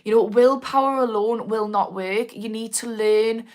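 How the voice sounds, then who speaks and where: A woman's voice: a little high, normal speed, darkish tone. A woman with a North East English accent, an addiction recovery coach chatting on a live stream, rambling with many restarts. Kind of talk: live stream chat answering comments.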